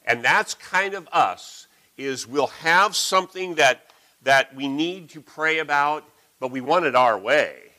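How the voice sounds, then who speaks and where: Middle-aged male preacher, folksy, animated, bright tone. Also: medium pitch, measured pace, low-quality recording. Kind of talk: sermon.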